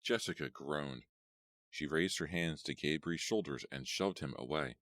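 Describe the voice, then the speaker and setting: A man narrating a horror audiobook in a steady storytelling read. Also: extremely low pitch, measured pace, no room sound, clean studio sound. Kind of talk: scripted narration.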